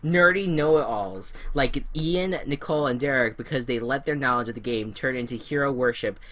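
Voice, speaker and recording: A young woman co-hosting a casual recap podcast, loud and animated, laughing and swearing often. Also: extremely low pitch, moderate pace. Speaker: podcast co-host.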